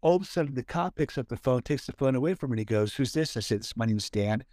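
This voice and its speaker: A man's voice: mid-range voice, animated, quick pace, dark tone, no room sound, clean studio sound. A man from Southern California co-hosting a casual podcast, telling a story with many fillers and restarts. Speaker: podcast co-host. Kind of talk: casual chat.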